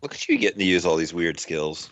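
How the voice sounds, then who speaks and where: A man's voice: low-pitched, sing-song, fast talker, fairly bright tone, no room sound. A man playing a tabletop role-playing game over voice chat, playful and teasing. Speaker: player.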